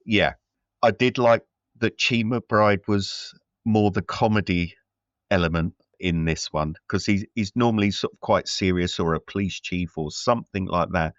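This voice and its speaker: A man's voice: low voice, normal speed, no echo, muffled recording. A man co-hosting a casual film review chat, rambling with many fillers and restarts. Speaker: podcast co-host.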